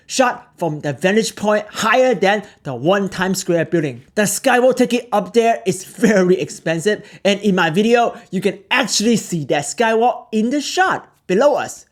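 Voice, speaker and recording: A man hosting a tech channel, narrating a product tutorial in earnest, explanatory short sentences. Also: high voice. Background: background music.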